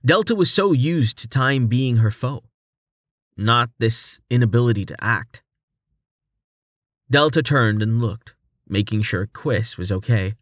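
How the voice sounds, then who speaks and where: A man narrating a fantasy audiobook in a steady storytelling manner. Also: medium pitch, unhurried, pauses often, no echo, studio quality. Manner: steady storytelling, shifts into character voices.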